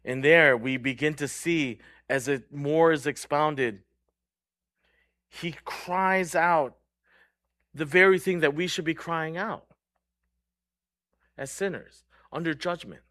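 A man preaching a sermon in an earnest way, moving between loud stressed words and hushed low lines, and often asking his listeners "right?". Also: slow pace, long pauses, no room sound, clean studio sound. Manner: checks in with the crowd by asking "right?". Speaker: pastor.

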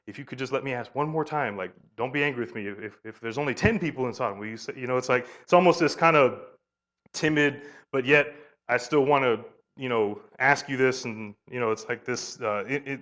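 A man's voice: mid-range voice, highs cut off. Man teaching a Bible passage conversationally. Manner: asks the listeners questions and paraphrases the story in lively voices; informal, with frequent "you know" and "right?".

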